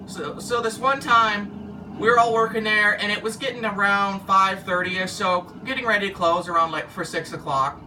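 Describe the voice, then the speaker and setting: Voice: mid-range voice, fairly even intonation, moderate pace, bright, forceful tone, a little hiss or hum. Rambling storyteller, distant mic. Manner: rambling, loses track and restarts. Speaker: former car wash worker. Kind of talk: casual spoken storytelling.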